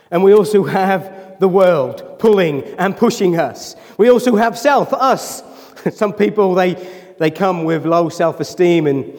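A man's voice: a little high, darkish tone, long reverb tail. A man preaching a sermon as pastor. He talks emotionally, nears tears, and keeps asking his congregation questions. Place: church hall.

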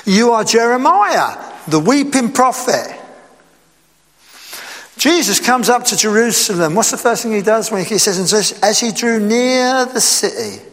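A man preaching a sermon in a lively, conversational way, asking his listeners rhetorical questions. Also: high-pitched, big-room sound.

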